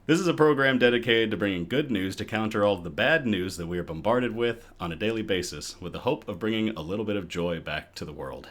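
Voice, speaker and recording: A man's voice: fairly low pitch, fast talker, few pauses, fairly bright tone. A man hosting a casual live good-news show from home, chatty and upbeat, a little out of breath. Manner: chatty and upbeat, with chuckles and restarts.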